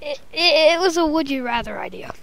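A woman's voice: sits high, expressive, brisk, gravelly. A young woman co-hosting a casual podcast from home, playful and giggly, trading silly jabs with her co-host. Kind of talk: casual chat.

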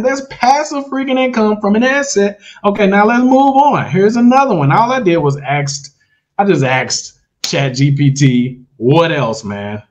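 High-voiced hyped-up male streamer. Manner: hyped, salesy, repeats phrases for emphasis; talks straight to viewers with slang. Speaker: host of an online money-making livestream. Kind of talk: casual livestream pep talk.

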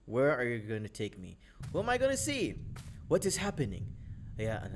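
A man's voice: mid-range voice, wildly swooping pitch, brisk, slight background noise. A man giving jokey, exclaiming let's play commentary, chatting to his viewers as he plays. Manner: jokey, exclaiming, talks to viewers while playing. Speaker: gaming YouTuber. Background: loud game music.

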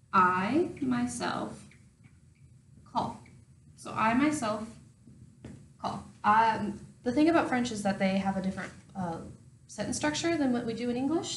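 A young adult woman, a language teacher, gives a casual, chatty lesson step by step with wry asides. Her fairly high voice is caught by a distant mic, sounding roomy and off-mic with a faint hum.

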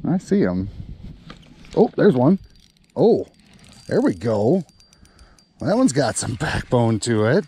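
A man's voice: medium pitch, big pitch swings, slow, long pauses, dark tone, husky. A man hosting a fishing vlog outdoors on a lake boat, chatting to the fish and his viewers. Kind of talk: casual fishing vlog narration.

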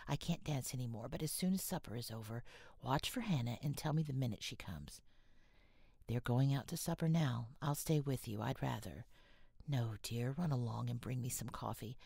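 A woman reading the part of a genteel, tired young woman, often speaking softly and in a whisper. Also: extremely low pitch, normal speed, vocal fry, husky, no echo, studio quality, exaggerated voice. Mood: hushed. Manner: soft, frequently whispered delivery.

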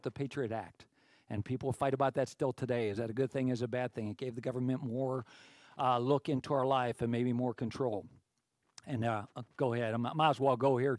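A male pastor delivers a sermon in a loose, conversational way, stumbling over restarts before he builds to forceful high points. His voice sits at an ordinary middle pitch. The sound is close and dry, with no room echo. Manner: conversational, full of restarts, rising to emphatic peaks.

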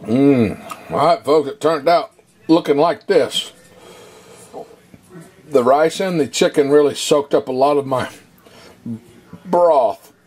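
A man's voice: fairly high pitch, takes it slowly, pauses often, darkish tone. A man hosting a casual home cooking vlog in his kitchen, talking to his viewers in a folksy way while losing his voice. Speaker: cooking channel host.

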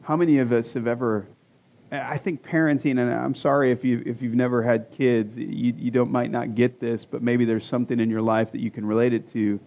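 Pastor in his forties, mid-pitched man's voice, easygoing sermon delivery with dad jokes. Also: flat delivery, brisk, darkish tone, highs cut off. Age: 40s. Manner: conversational, self-deprecating jokes, rhetorical questions. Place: church sanctuary.

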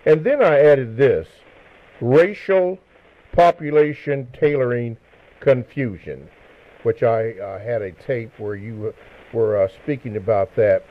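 A man hosting a live radio interview, speaking hesitantly with frequent pauses and fillers. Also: medium pitch. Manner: hesitant, with many fillers and restarts. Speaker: radio host. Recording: narrow radio broadcast sound.

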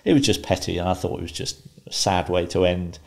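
A man in his fifties, a guest in an interview, calmly telling stories and laughing often. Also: low-pitched, fairly quick, creaky. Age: 50s. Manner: calm, laughs often while telling anecdotes. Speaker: guest, former footballer and pundit. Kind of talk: casual interview storytelling.

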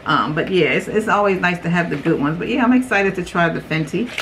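A young adult woman chatting casually while unboxing beauty products, rambling, her voice jumping high when she reacts. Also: expressive, brisk, fairly bright tone, a little hiss or hum, poor audio. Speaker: beauty vlogger.

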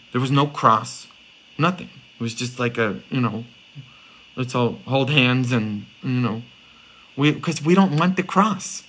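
Bright-voiced priest preaching with tag questions. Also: male voice, medium pitch, slight background noise, low-quality recording. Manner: animated storytelling, rhetorical "huh?" tag questions. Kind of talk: sermon.

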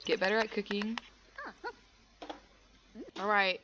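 A woman's voice: mid-range voice, lively intonation, normal speed, background noise. A young woman hosting casual gameplay commentary, giggly and chatty, bossing her characters around. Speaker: gaming channel host. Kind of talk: casual let's-play commentary.

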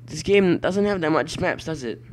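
A man giving let's play commentary at his computer, excitable and quick to shout and swear at the game. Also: a little high. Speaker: gameplay commentator.

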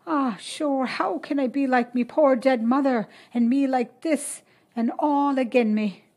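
A woman's voice: high voice, unhurried, a little mellow, pitched above the performer's own voice. A woman voicing a sobbing eighteen-year-old girl in labor, pleading through tears. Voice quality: tearful, pleading.

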